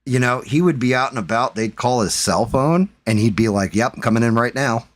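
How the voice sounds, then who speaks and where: A man's voice: mid-range voice, brisk, dry recording. A man hosting a live stream, telling a story in casual, profane chat and acting out what people said. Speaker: streamer host.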